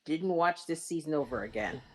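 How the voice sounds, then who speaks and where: Woman co-host, lower-pitched voice, agreeable sidekick who chimes in briefly. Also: animated, fairly quick. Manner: agreeable, mostly short affirmations. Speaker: podcast co-host. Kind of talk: casual chat.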